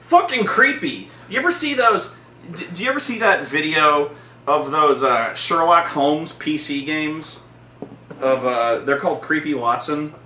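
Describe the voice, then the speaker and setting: A man hosting a casual chat about a film, excitable, rambling and profane. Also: a little high, measured pace, roomy sound, far from the mic, slight background noise. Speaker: host.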